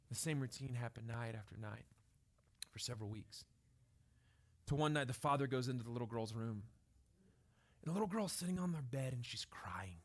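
A man in his thirties preaching a sermon, telling a story softly and then building to loud, emphatic exhortation. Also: medium pitch, lively intonation, moderate pace, long pauses. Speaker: pastor.

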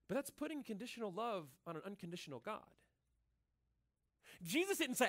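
A man with a notably high voice delivers a sermon to his church. He talks loosely and earnestly, leaning on "like" and "right?" as he goes. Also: very animated, fairly quick, pauses often, fairly bright tone. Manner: casual and earnest, filling speech with "like" and "right?". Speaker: pastor. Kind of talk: conversational sermon.

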